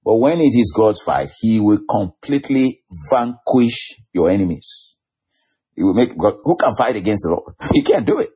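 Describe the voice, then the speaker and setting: A man's voice: on the low side, expressive, moderate pace, dark tone, breathy edge. A man preaching a sermon, laughing often and drawing out key phrases for emphasis.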